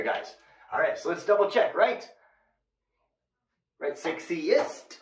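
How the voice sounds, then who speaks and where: Lively male English teacher in echoey room. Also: medium pitch, recorded from a distance. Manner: mixes English with Japanese explanations. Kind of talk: English lesson for Japanese learners. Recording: echoey room, voice a bit off-mic.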